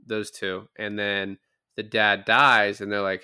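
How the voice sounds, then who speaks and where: A young adult man co-hosting a casual movie podcast, recapping scenes with lively, profane commentary. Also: fairly low pitch, slow pace, clear, resonant tone. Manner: animated recapping with lots of swearing. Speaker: podcast co-host.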